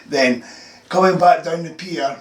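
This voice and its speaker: A man's voice: on the high side, unhurried. A Scottish man recounting what he saw in brief, plain answers. He sits well back from the mic, so his voice reaches it from across the room. The room itself is echoey. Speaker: eyewitness guest. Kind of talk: casual interview. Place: in a house. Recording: roomy sound from a distance.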